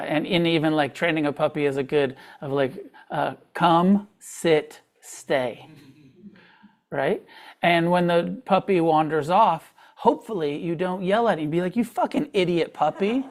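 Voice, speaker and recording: A man teaching meditation to a live group, talking loosely with fillers and restarts, often trailing off quietly. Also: a little high. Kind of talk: dharma talk to a live group. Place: meditation hall with a live audience.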